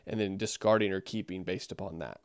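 A man speaking close to the mic in a dry, quiet room, his voice smooth and clear. He reviews a sermon in a relaxed, reflective way, as if talking to a friend. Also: low voice, a little fast, dry recording. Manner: conversational, reflective, interrupts with comments. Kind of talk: commentary.

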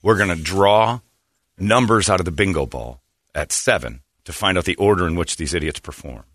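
A man's voice: deep voice, moderate pace, a bit bright, no echo, studio quality. A man hosting a morning radio show, chatting casually and rambling through jokes and ads. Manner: rambling, joking, self-correcting.

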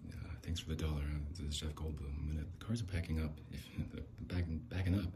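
A man doing an impression of a quirky, halting middle-aged male celebrity who stammers and trails off. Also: very deep voice, fairly even intonation, dark tone, a little hiss or hum. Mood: musing.

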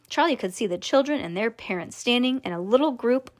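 Woman storybook reader, playful, chatty, a little high-pitched. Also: expressive, brisk. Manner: playful, chatty asides between passages. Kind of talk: reading a children's book aloud. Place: home, on a bed.

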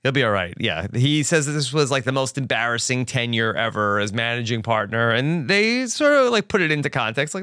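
A man co-hosting a podcast, recapping a TV episode in casual chat and bursting into shouts when acting out the characters. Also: medium pitch, animated, a little fast, few pauses, clear, resonant tone, dry recording, studio quality. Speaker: podcast co-host.

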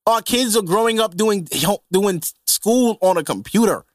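A man's voice: high-pitched, unhurried, hardly any pauses, dry recording, clean studio sound. A man hosting a podcast, ranting casually and comedically with lots of slang and profanity. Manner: profane, animated, heavy slang. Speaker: podcast host.

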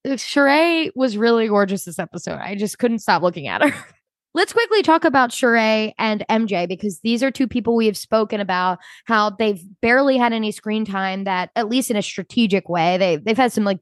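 A woman co-hosting a podcast, talking fast and animated and often acting out what people said. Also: mid-range voice, no echo. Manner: animated, quick, quotes people in character. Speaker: podcast co-host. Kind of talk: casual chat.

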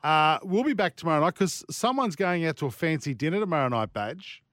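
A man's voice: on the high side, expressive, brisk, fairly bright tone, dry recording, studio quality. Joking man hosting sports banter. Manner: joking, wraps up with sponsor reads. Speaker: sports segment host. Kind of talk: casual banter on a talk show.

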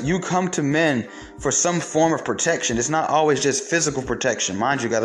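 Male host, mid-pitched, swearing freely in an animated solo rant over faint music. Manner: profane, animated storytelling. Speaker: show host. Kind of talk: casual monologue.

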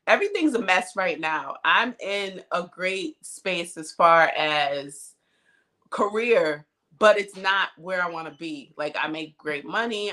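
A woman in her thirties hosts a podcast in a candid, chatty way and laughs often. Her voice is on the low side for a woman and sounds bright and forceful. She is recorded on a cell phone. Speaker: podcast co-host. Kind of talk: casual chat.

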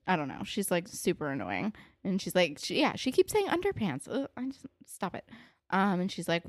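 A young woman casually discussing a TV show with a friend, animated and indignant, with plenty of "um" and "like". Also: fairly quick, no room sound, studio quality. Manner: animated, indignant, swoops up in pitch, many fillers. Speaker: podcast co-host. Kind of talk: casual chat.

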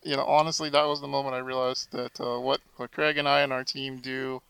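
A man on a podcast telling a story with lots of energy and acting out each quoted line. His voice is bright, with a gravelly edge. It sounds crisp and dry, recorded close to the mic. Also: medium pitch, brisk, no echo, poor audio. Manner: animated, acts out quoted dialogue. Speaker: podcast guest. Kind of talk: casual storytelling.

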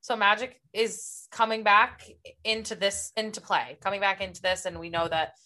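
A woman's voice: medium pitch, steady tone, moderate pace, bright, forceful tone. A young woman co-hosting a book podcast, chatting casually and acting out characters' lines as she retells scenes. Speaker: podcast co-host.

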